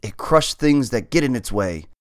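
A man's voice: medium pitch, lively intonation, moderate pace, clean tone, dry recording, clean studio sound, close to an everyday voice. A man voicing a fearful young female cat in a storybook, gloomy and dramatic about every danger. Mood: dramatic dread.

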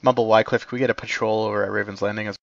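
Low-voiced man calling game orders. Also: level tone, creaky, no room sound. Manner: brisk, polite, slightly apologetic. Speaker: squad commander in a team game. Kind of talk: quick tactical voice-chat callouts. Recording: dull lo-fi mic capture.

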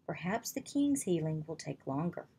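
A woman reading aloud, voicing a calm, wise man who mentors young dragon masters in a storybook. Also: lowish voice, moderate pace, slightly rough, full character voice. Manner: calm, reassuring instruction.

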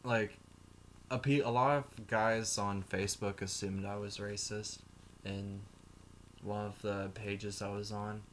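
A man's voice: fairly low pitch, little pitch movement, slow pace, fairly bright tone, slight background noise. Man on a heated, profane vlog rant. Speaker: YouTuber.

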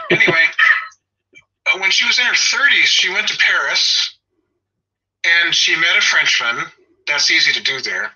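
A man's voice: a little high, sharp tone, husky. A man in his sixties with a Southern Californian accent, a dog trainer talking in a casual chat, opinionated and wry, drifting into side stories. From Los Angeles. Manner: opinionated, wry, digressive storyteller. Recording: dull lo-fi audio.

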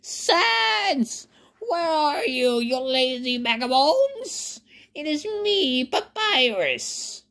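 A shrill boastful skeleton. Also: very animated, very slow, vocal fry, exaggerated voice. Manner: shouting, theatrical, cackling "nyeh eh eh". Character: loud boastful skeleton, high nasal cackle.

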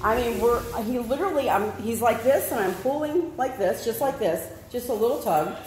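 A woman's voice: fairly high pitch, animated, normal speed, poor audio. A woman, chatting casually on a phone vlog about her dog, laughing often. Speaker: dog owner vlogger. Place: car, then vet clinic.

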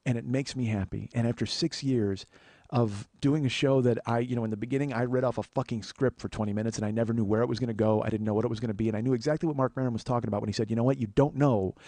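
Man, podcast host, solo storyteller, rapid and profane, closely miked in a dead room. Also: steady tone, dark tone, no echo. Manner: profane, earnest, confessional; acts out quoted voices in a higher pitch.

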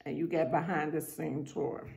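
A woman with a New York accent, telling animated family stories in a casual storytime vlog. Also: deep voice, normal speed, gravelly, noisy background. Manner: animated storyteller acting out voices.

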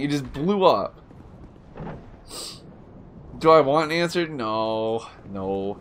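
A man streaming a game live, commenting casually and breaking into yells, groans and jokes as he plays. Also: mid-range voice, expressive, takes it slowly, long pauses, slight background noise.

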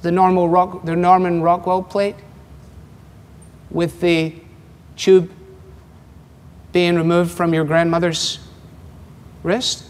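Speaking slowly in a high, monotone voice with long pauses, a Scottish pastor in his seventies gives a wry, chatty sermon and acts out quotes. The sound echoes with long hall reverb.

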